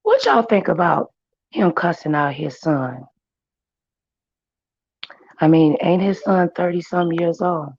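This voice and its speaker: A woman host who has lost her voice, hoarsely chatting with her viewers and greeting them by name. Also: on the low side, very animated, slow pace, pauses often, darkish tone, dry recording. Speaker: livestream commentary host. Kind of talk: casual chat. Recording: dry, muffled stream audio.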